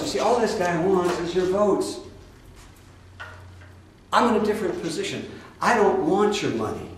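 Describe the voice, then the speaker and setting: A man from Iowa gives a spiritual talk in an emphatic, folksy way, with mocking asides. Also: on the high side. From Iowa, USA. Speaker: spiritual teacher. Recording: very echoey room, heard from a distance.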